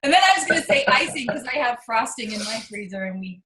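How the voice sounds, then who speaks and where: A woman's voice: a little high, animated, fast talker, sharp tone, a little hiss or hum. A woman hosting an interview, joking and playful in tone. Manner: playful, jokey. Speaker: host. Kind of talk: casual interview chat. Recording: roomy echo.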